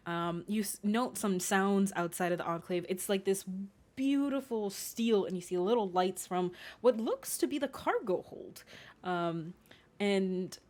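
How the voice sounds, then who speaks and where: Woman narrating a tabletop game, lowish voice. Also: a little mellow. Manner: hesitant, full of fillers, descriptive. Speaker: game master.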